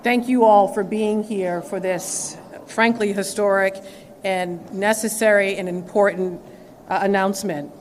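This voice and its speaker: A woman's voice: medium pitch, a little hiss or hum. A woman attorney general giving an earnest, emphatic formal speech at a press conference. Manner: earnest, emphatic, with some repeats. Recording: long echo in a large hall.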